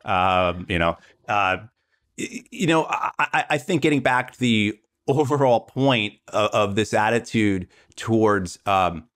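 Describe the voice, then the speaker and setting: A man's voice: fairly low pitch, lively intonation, a little slow, fairly bright tone. A man, a political candidate, talking earnestly in a podcast conversation and often repeating words as he builds his point. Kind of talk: conversational interview talk.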